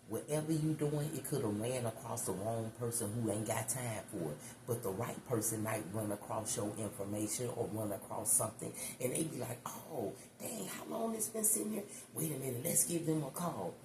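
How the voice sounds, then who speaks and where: Animated, profane woman in an echoey room. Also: a bass voice. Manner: animated, profane, chatty, addresses listeners as y'all. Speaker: tarot reader. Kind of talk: casual storytelling to viewers. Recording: echoey room with background noise.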